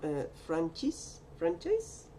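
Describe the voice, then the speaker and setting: A woman's voice: deep voice, wildly swooping pitch, takes it slowly, warm tone, a little hiss or hum. A woman opening trading card packs in casual chat, joking around in clumsy French. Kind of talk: casual box-break chat.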